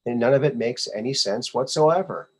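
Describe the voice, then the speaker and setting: A man's voice: mid-range voice, normal speed, breathy edge. A male podcast host giving casual commentary on memes, sarcastic and scoffing, often repeating his phrases.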